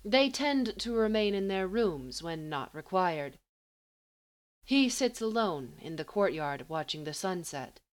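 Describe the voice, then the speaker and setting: Woman reading a story, low-ish voice. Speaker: narrator.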